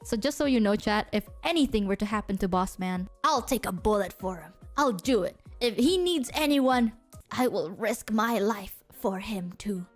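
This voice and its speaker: A woman from Indonesia, telling a story to her chat in a casual, animated way and swearing freely. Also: mid-range voice, normal speed, faint music behind. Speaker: streamer.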